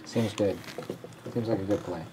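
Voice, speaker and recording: A man's voice: lowish voice, moderate pace, warm tone, a little hiss or hum, rough recording. A man thinking aloud over his moves and chuckling in a casual live-streamed board game chat. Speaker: board game show regular.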